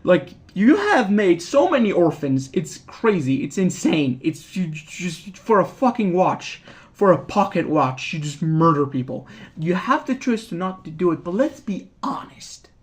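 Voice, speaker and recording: A man's voice: sits high, very animated, measured pace. A man giving a rambling, profane, casual recap of a video game, often laughing at it. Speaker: gaming video creator.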